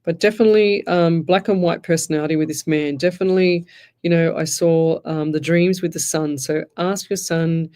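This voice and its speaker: A woman's voice: fairly low pitch, fairly even intonation, normal speed, darkish tone. An Australian woman hosting a live radio show as a psychic medium, chatting in a rambling way and laughing often as she tells stories. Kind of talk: live radio reading, casual chat.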